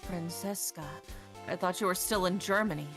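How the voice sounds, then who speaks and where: A woman reading the lines of a composed adult male prosecutor from a game, in a measured, reflective manner. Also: fairly low pitch, over music, close to an everyday voice. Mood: thoughtful. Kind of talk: reading game dialogue aloud.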